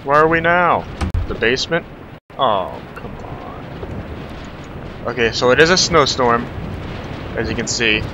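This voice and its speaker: A young man commentating his own horror game playthrough, muttering nervously while exploring and yelling in panic when chased. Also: mid-range voice, normal speed, lo-fi sound, background noise. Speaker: gaming channel host.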